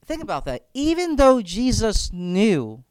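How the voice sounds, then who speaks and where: A man's voice: sits high, wildly swooping pitch, unhurried, darkish tone, smooth, no echo. A man leading a reflective faith discussion as campus minister, speaking earnestly and often repeating words as he thinks aloud.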